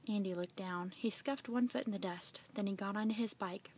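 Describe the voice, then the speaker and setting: A woman reading a children's picture book aloud in an expressive read-aloud manner. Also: medium pitch, a little fast, a little hiss or hum. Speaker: storybook reader.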